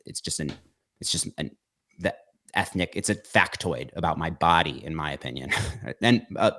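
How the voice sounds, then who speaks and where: A young man in casual conversation, talking haltingly with many restarts and repeated words, earnest and at times emotionally heated. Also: rumbling low, a bit bright, no room sound, clean studio sound. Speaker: podcast guest.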